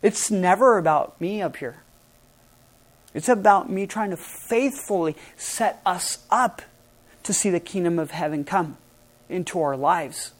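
At a measured pace and with a high-pitched voice, this middle-aged man preaches a sermon as pastor. His style is animated and emphatic, swinging from loud to soft.

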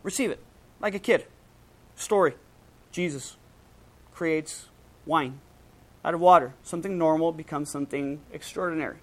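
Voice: mid-range voice, normal speed, long pauses, rough recording. A preacher giving a casual, conversational sermon, using slang and acting out quoted lines with a raised voice.

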